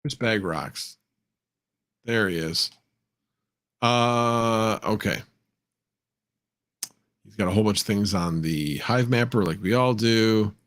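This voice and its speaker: Low-voiced man rambling on a livestream. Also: takes it slowly, long pauses. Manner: rambling, reads chat aloud, thinks out loud. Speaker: livestream host. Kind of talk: casual livestream chat.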